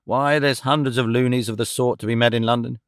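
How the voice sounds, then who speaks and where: A man's voice: medium pitch, steady tone, quick pace, smooth, no echo, studio quality, lightly acted. A man voicing a good-natured middle-aged police inspector who talks in a blunt, homely, colloquial way. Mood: chatty.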